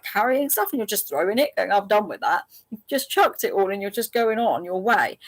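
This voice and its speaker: Chatty woman reading angel cards. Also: mid-range voice. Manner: warm, chatty, laughs often, speaks directly to viewers; repeats options slowly and gently. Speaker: angel card reader hosting a live stream. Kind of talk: chatty live card reading.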